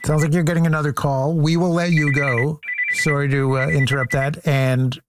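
A man hosting a call-in radio show, brisk and measured as he reads phone numbers and takes calls. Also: on the high side, little pitch movement, very noisy. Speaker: radio talk show host. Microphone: studio mic.

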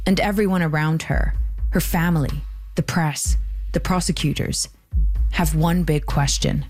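A woman hosting and narrating a documentary podcast in a measured, scripted storytelling delivery. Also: sits low, fairly even intonation, a little mellow, faint music behind.

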